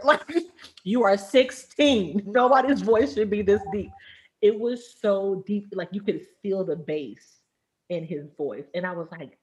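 A woman telling a story in casual chat, animated and laughing often, acting out the people she quotes. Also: mid-range voice, normal speed, rough recording.

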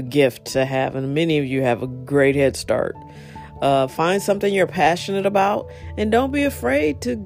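Rambling storyteller over soft guitar. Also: mid-range voice, gravelly. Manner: rambling, many fillers and asides; animated when retelling exchanges. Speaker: monologue speaker. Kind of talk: casual storytelling and advice.

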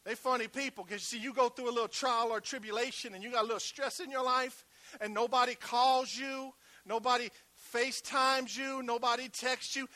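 A man preaching with a high, bright voice that carries. He moves from loud, emphatic calls down to soft, hushed passages, drawing the congregation in with quick conversational asides. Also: fairly even intonation, dry recording. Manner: conversational, uses call-and-response asides. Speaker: pastor. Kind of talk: sermon.

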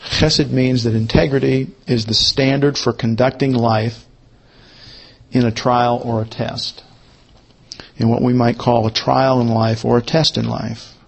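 Gravelly man teaching a Bible lesson. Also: mid-range voice, little pitch movement. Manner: repeats key points slowly, as if for note-taking. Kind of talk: Bible study lecture.

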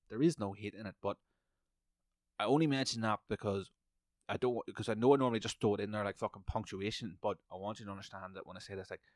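A man's voice: fairly low pitch, no room sound, studio quality. A man, hosting a podcast and telling a heated, profanity-heavy story. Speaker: podcast host. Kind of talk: profane ranting monologue.

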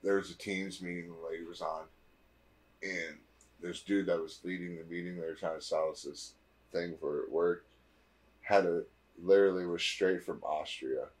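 A man with a fairly low voice, chatting casually as a podcast co-host. He tells an anecdote in a laid-back way. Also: fairly even intonation, moderate pace. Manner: storytelling, laid-back, laughs often. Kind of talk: casual chat.

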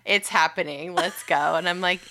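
A woman's voice: on the low side, moderate pace. A young woman in casual chat, telling a story with lots of swearing and fillers. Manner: swears freely, animated storytelling with many fillers. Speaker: podcast guest telling a birth story.

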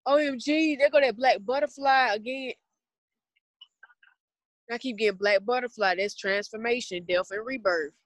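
Pausing often, a woman in her twenties from the Southern United States speaks at normal speed in a slightly high voice while rambling earnestly about spirituality in a casual podcast chat. The recording is dry.

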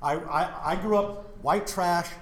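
A middle-aged pastor from Wyoming leads a Bible study in a church and keeps throwing questions at his listeners. His voice sits fairly high for a man. The room gives it a clear echo. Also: slow. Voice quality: animated, questioning the audience.

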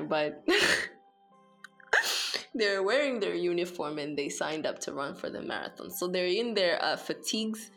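A young woman telling a story casually, chatty and profane, switching between Swahili and English. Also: lowish voice.

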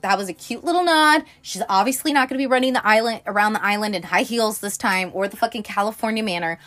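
A woman hosting a podcast who recaps films in a casual, rambling way, swearing freely and getting carried away as she tells the story. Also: mid-range voice. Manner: profane, animated storytelling; rambling, self-interrupting. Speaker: podcast host.

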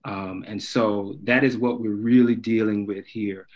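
A man's voice: on the low side, steady tone, a little slow, a little mellow, muffled recording. A man who is a guest therapist, explaining his points and correcting himself as he goes. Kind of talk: panel discussion.

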